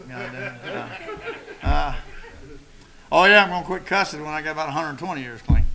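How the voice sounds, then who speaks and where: A middle-aged man speaking at a recovery meeting podium, telling stories in a folksy, profane way with dark humor. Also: a little high, creaky.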